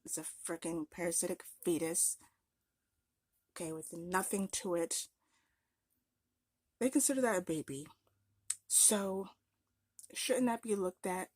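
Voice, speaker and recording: A woman's voice: lowish voice, unhurried, long pauses, dry recording, clean studio sound. A young woman vlogger ranting in an exasperated, sarcastic, emphatic way. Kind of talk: ranting commentary vlog.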